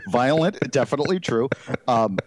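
A man co-hosting a radio talk show, wry and full of quick quips, often stumbling and restarting mid-sentence. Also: medium pitch, lively intonation. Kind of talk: casual banter.

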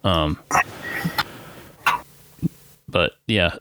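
A man's voice: low-pitched, slow, pushed and bright, slight background noise. A man co-hosting a podcast, talking casually about music in a rambling, laid-back way with many fillers. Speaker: podcast co-host. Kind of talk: casual chat.

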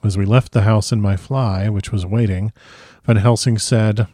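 A man narrating a classic novel in the first person with measured, formal diction. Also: fairly low pitch, fairly even intonation, dark tone, no echo, clean studio sound. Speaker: audiobook narrator.

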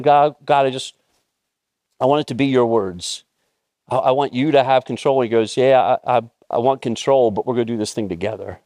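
A man's voice: medium pitch, fairly quick, no room sound. Fifties grandpa guy preaching, chatty storytelling, dry close sound. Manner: conversational, storytelling with rising excited peaks. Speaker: pastor. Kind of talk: sermon.

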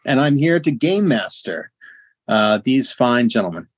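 A man introducing himself as game master of a tabletop game over a video call, relaxed and full of fillers. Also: medium pitch, measured pace, husky, no room sound. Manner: relaxed, hesitant with many fillers.

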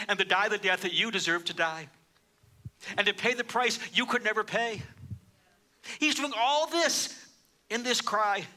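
A high, very bright male voice delivering a sermon. He swings from hushed, low lines to loud, ringing declarations. He leans on repetition to drive points home. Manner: dramatic preaching, swinging between hushed and loud; repeats phrases for emphasis. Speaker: pastor.

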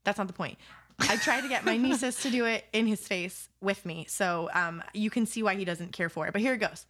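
A woman's voice: medium pitch, fairly quick, fairly bright tone. A woman from California co-hosting a podcast in casual, giggly, self-deprecating chat. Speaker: podcast co-host.

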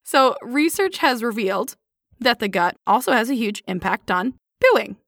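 A woman's voice: a little high, lively intonation, normal speed, fairly bright tone, dry recording, clean studio sound. A woman co-hosting a playful health podcast, explaining science and laughing often. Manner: giggly, explains science with jokes. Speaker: podcast co-host.

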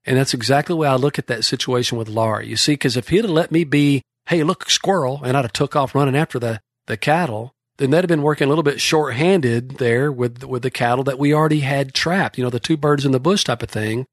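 A man's voice: medium pitch, fast, hardly any pauses, dry recording, studio quality. A man from Texas, a horsemanship clinician telling a folksy, rambling story with frequent restarts.

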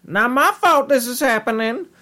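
A man doing a frantic shouting teacher, high-pitched. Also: lively intonation, normal speed, full character voice. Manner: shouting, frantic and all over the place. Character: loud erratic male math teacher.

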